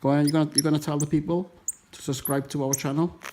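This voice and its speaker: A man's voice: on the high side, flat delivery, quick pace. Man coaxing his pet monkey. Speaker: pet vlogger. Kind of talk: casual pet video narration. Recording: echoey room with noticeable noise.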